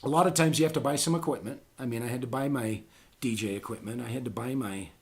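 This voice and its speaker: A man's voice: mid-range voice, fast talker. A middle-aged man talking casually on a podcast, rambling with many ums and restarts.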